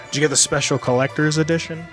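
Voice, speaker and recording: Animated swearing man telling a story. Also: on the high side, fast talker, soft background music. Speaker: podcast co-host. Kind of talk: casual chat.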